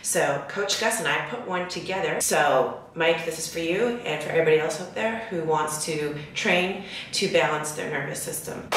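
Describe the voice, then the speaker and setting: Lower-voiced woman narrating a workout. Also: fairly bright tone, a little hiss or hum. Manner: instructional, explains muscles in detail. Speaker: fitness vlogger. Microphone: voice-over.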